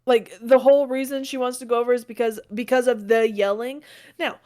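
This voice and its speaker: Emphatic woman co-host, fairly high voice. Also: steady tone, a little fast, dark tone. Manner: emphatic, leans hard on key words. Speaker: podcast co-host. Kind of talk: casual podcast chat.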